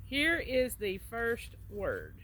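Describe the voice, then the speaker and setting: A woman's voice: a little high, wildly swooping pitch, slow, fairly bright tone, no room sound. A middle-aged woman from Alabama with a Southern drawl, chatting casually as a co-host and explaining how she says words with little anecdotes. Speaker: co-host, travel agent. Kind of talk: casual accent-tag chat.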